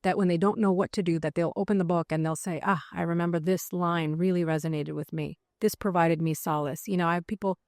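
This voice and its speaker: A woman's voice: fairly low pitch, fairly even intonation, fast, hardly any pauses, a little mellow, no echo, studio quality. A middle-aged woman psychiatrist talking as a podcast guest, telling stories with many fillers and acting out the thoughts she quotes. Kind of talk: conversational interview.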